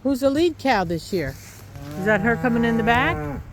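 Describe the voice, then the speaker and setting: A woman's voice: on the high side, expressive, normal speed, a crowd in the background. An American woman farmer in a casual vlog, talking sweetly to her cows in a muddy pasture. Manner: coos and talks sweetly to the cows. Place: outdoors in a muddy farm pasture.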